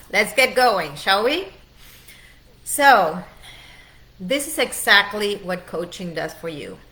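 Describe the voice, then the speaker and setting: A middle-aged woman as a wellness coach, leading a guided training in a slow, soothing, heartfelt way. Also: on the low side, pushed and bright. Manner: slow, soothing, heartfelt, urges the listener to breathe.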